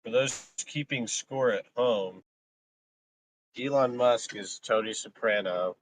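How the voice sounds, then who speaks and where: A man's voice: mid-range voice, takes it slowly, a little hiss or hum, low-quality recording. A man joking around and rambling in casual live stream banter, laughing often.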